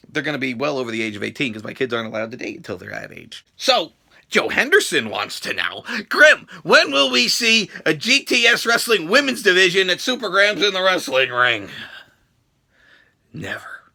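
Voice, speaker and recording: A man in his thirties answering viewer questions in a casual vlog, profane and animated with wrestling-style bravado. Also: fairly high pitch, brisk, creaky. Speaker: YouTube vlogger.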